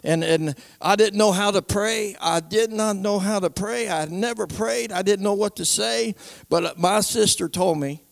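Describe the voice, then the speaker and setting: A man with a high, gravelly voice gives an emphatic church testimony in plain folksy speech. The sound is close and dry, with no room around it. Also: normal speed, no echo. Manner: emphatic, repeats "I'm telling you"; folksy nonstandard grammar. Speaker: church speaker giving testimony.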